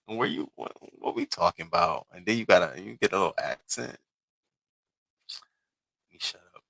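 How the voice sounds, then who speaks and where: A man in his thirties chats casually on a livestream, answering viewers' comments and now and then mimicking people in a higher voice. His low voice has a bright, forceful edge and sounds dry and close. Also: no echo. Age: 30s. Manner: chatty, reads viewers' comments aloud and answers them. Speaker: livestream host.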